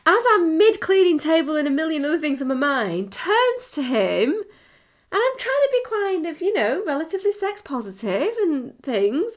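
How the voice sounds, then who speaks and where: Woman, middle-aged, high voice, very lively melody, animated storyteller, podcast co-host. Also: normal speed. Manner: animated storyteller, laughs often. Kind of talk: casual chat.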